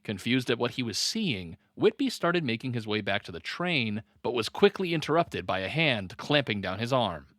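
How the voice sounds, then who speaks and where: A man's voice: mid-range voice, very animated, a bit bright, no room sound, clean studio sound. A man co-hosting a true-crime podcast, reading the case aloud and often breaking off to joke and laugh. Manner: reads story notes quickly, breaks off to joke and laugh. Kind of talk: casual comedy podcast chat and reading.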